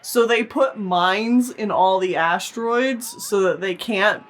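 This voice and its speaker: A woman's voice: medium pitch, slow pace. A young woman co-hosting a casual movie review chat, wry and blunt, with frequent laughter. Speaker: podcast co-host.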